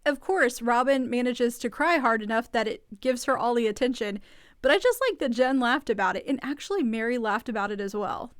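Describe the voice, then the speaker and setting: A woman with a fairly high voice talks through a reality show recap in a chatty, opinionated way. She sounds amused and frank. The sound is dry and close. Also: animated, fairly quick, no echo. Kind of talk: casual commentary.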